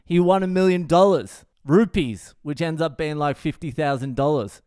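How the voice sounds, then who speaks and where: A man talks through a comic story from his own life, swearing constantly in a wry, deadpan way. His voice is a touch high for a man, smooth and clear. It is recorded close and dry, with no room sound. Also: normal speed, no echo. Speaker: comedian podcast host.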